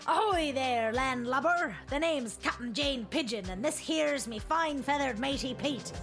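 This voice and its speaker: A hammy pirate captain. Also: female voice, sits high, lively intonation, a bit bright, faint music behind, exaggerated voice. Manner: drawls pirate slang, "yar", slow and hearty. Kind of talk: video game voice acting.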